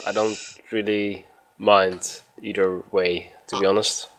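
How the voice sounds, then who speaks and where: A man's voice: on the low side, little pitch movement, slow pace. A laid-back man on a gaming roundtable who stammers when unsure. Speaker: panelist. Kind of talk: casual gaming roundtable chat.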